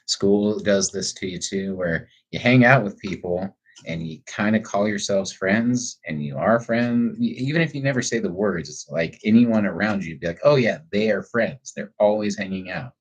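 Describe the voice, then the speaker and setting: Husky low-voiced man musing candidly. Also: moderate pace. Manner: candid, rambling, swears freely. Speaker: livestreamer answering chat. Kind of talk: casual reflective livestream chat. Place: at home.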